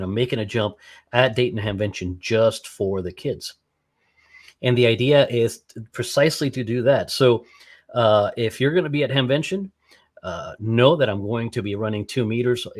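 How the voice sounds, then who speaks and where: A man being interviewed as a guest, talking in a casual, enthusiastic and rambling way, often breaking off and asking "right?". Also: mid-range voice. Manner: enthusiastic, rambling, with many restarts and "right?" tags. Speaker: podcast guest, skydiver and ham radio operator.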